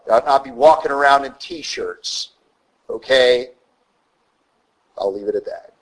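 A man's voice: medium pitch, a little slow, poor audio. A man preaching a sermon as a priest, blunt and conversational with emphatic asides.

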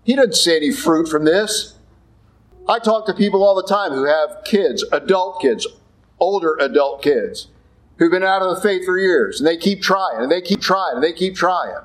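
A man with a fairly high voice preaching in a church. He talks plainly and bluntly, like a conversation, and slips into other voices for the people he quotes. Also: low-quality recording. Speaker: Catholic priest. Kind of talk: sermon.

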